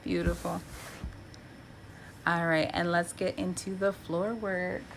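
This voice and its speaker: A young woman teaching a yoga class from home, giving gentle cues with chatty, encouraging asides. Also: on the low side, flat delivery, takes it slowly, creaky, slight background noise, low-quality recording. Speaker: yoga instructor. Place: home practice space.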